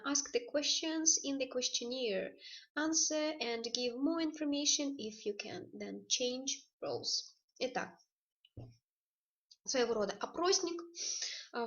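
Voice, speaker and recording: A woman's voice: fairly high pitch, muffled recording. A woman with a Russian accent teaching an English grammar lesson, explaining rules and switching between two languages. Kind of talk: recorded online lesson.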